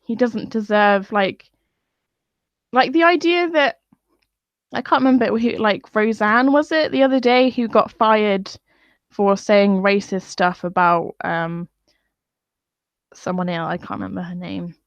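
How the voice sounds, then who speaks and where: A woman's voice: mid-range voice, fairly even intonation, a little slow, dry recording. A woman venting in a profane, scornful live-stream rant. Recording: dull lo-fi dry sound.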